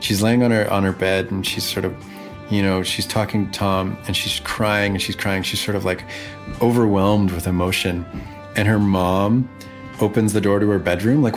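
A musician talking casually, an animated storyteller who speaks fast and fills his sentences with fillers and restarts. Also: on the low side, faint music behind.

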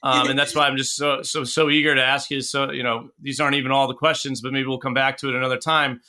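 A man hosting an interview, asking questions in a halting way with repeated words. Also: mid-range voice, level tone, sharp tone. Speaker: podcast host.

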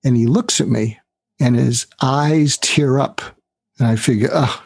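Speaking unhurriedly in a mid-range voice with vocal fry, this man is recorded with no room sound. He's a negotiation trainer and author in a podcast interview, telling stories with gusto and acting out the dialogue.

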